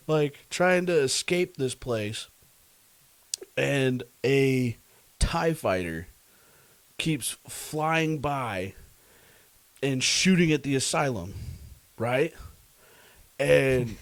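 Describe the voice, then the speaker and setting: A man co-hosting a podcast in casual chat, recounting a story with animated delivery, frequent laughs and fillers. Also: mid-range voice, slow pace, pauses often, no echo. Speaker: podcast co-host.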